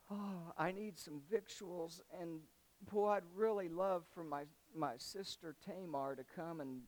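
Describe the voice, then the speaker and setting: A man's voice: a little high, lightly acted. A man voicing a crafty young man who talks in casual slang while laying out a scheme.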